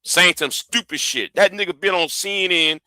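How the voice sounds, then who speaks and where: A man hosting a livestream rants angrily and profanely, often repeating himself and tripping over his words. His voice sits high and bright, forceful yet clean, at a moderate pace, and the recording is dry.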